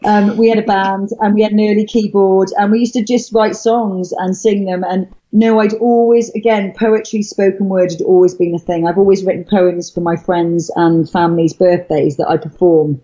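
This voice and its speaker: A woman's voice: medium pitch, little pitch movement, normal speed, hardly any pauses, mellow. A middle-aged woman from Wales, a guest telling her story in casual chat, rambling with many fillers and restarts. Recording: dull lo-fi sound.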